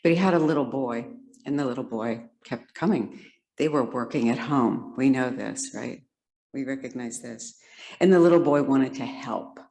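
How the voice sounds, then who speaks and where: Gravelly-voiced woman telling a story from the pulpit. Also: extremely low pitch, moderate pace, rough recording. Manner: expressive storyteller, voicing characters in quotes. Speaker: guest speaker. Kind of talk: storytelling sermon. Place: congregation sanctuary.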